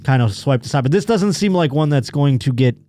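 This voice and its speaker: A man's voice: fairly high pitch, animated, brisk, dark tone. A man hosting a comedy podcast, reading news stories aloud and riffing on them with crude, sarcastic jokes. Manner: crude, sarcastic riffing between read-out articles. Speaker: podcast host.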